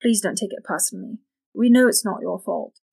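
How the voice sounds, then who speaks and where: A woman voicing a timid, apologetic middle-aged churchgoing mother who speaks gently. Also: mid-range voice, a little fast, gravelly.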